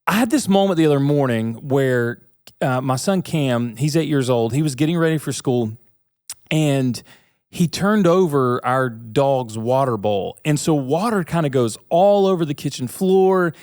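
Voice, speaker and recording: A man's voice: medium pitch, lively intonation, a little slow, a little mellow, clear, resonant tone, no room sound, clean studio sound. A man in his thirties hosting a faith and leadership podcast, talking to listeners in an earnest, conversational way and asking them questions. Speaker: podcast host. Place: studio suite with bookshelves.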